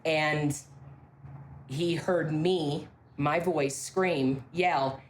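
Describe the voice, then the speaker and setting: A woman from a ranch telling ghost stories in casual talk, emphatic, with halting restarts and key phrases repeated. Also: sits low, fairly even intonation, a little hiss or hum. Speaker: ranch staff member interviewed about ghost stories. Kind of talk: casual spoken storytelling.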